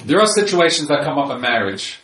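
A man's voice: a little high, very animated, fairly quick, a bit bright. A man who works as a marriage counselor gives an informal lecture with slides and repeats his key points. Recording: echoey room, voice from far off.

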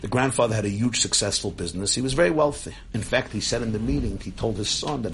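Low-voiced man telling a story. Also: fast, hardly any pauses, slight background noise. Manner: animated storyteller, acting out quoted voices. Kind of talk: storytelling talk.

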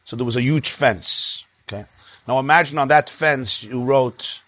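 A man's voice: mid-range voice, normal speed, no echo. A man teaching a religious class, telling stories and stammering now and then as he explains. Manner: lively storyteller, stammers on restarts. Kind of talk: religious class lecture with anecdotes.

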